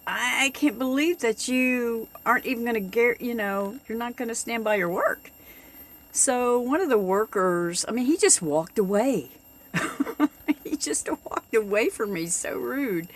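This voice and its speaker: Slow-talking chatty woman. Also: medium pitch. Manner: chatty, exasperated, animated retelling with laughs. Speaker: vlogger. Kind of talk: casual storytelling vlog. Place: living in a bus, camping.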